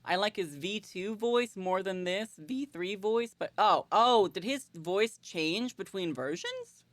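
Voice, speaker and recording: A woman streamer giving casual, excitable and jokey commentary on a game, swearing often, on a close mic. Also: medium pitch, slow pace, dry recording.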